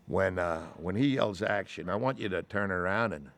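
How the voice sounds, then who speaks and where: Man's impression of a drawling cowboy legend, low and gravelly, coaxing. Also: moderate pace, fairly bright tone. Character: drawling older male cowboy film star, teasing.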